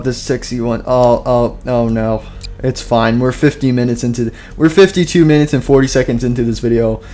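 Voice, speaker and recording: A man's voice: mid-range voice, a little mellow. A man giving casual gameplay commentary at his computer, rambling with many fillers and sounding tired and out of breath. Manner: rambling, filler-heavy, self-deprecating. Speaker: gaming YouTuber.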